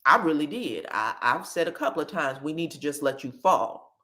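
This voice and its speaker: A woman voicing a gruff, blunt older father, dropping her voice low and flat for his lines. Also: normal speed.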